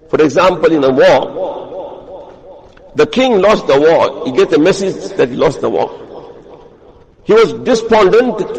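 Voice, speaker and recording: A man delivers an Islamic sermon in a notably high voice, retelling stories and often restarting his sentences. A gathered crowd can be heard clearly in the background. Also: rough recording. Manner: storytelling with repeated restarts. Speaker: Islamic scholar.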